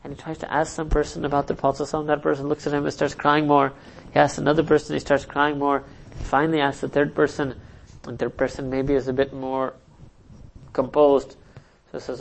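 A man's voice: fairly high pitch, fast, gravelly, low-quality recording. A man preaching a sermon and telling a story, asking the audience rhetorical questions, chuckling often and acting out quoted dialogue. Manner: chuckles often while speaking. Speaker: Islamic teacher.

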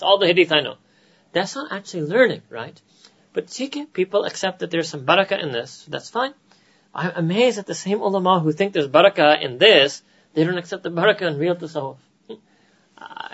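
A man with an American accent giving an animated religious lecture to a gathering, often asking "right?" and dropping in Urdu phrases. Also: on the high side, husky, highs cut off. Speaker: Islamic teacher.

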